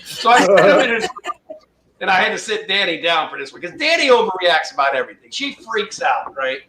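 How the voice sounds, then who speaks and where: A man's voice: sits high, very animated, brisk, echoey room, noisy background. A man casually telling a funny story on a livestream, acting out the people he quotes. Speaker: guest storyteller.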